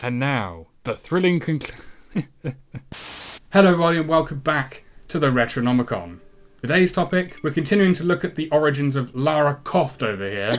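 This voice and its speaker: A British man hosting a retro game review show, giving a comedic voice-over full of sarcasm and swearing. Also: mid-range voice.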